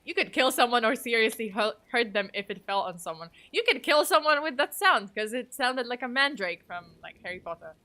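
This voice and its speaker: Bright-voiced woman streamer rambling casually. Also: a little high, expressive, fairly quick, few pauses. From Poland. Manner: rambling, swearing, laughing a lot. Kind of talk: casual livestream chat.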